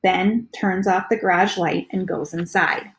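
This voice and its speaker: A woman reading a children's storybook aloud in a steady, plain narration. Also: lowish voice, a little slow.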